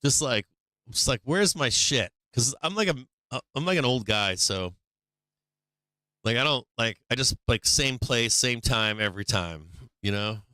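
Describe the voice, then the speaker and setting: A man's voice: medium pitch, lively intonation, moderate pace, sharp tone, clean tone, dry recording. A middle-aged man hosting a stock market livestream, rambling casually with lots of swearing and "like" fillers. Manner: rambling and profane, heavy on "like" fillers.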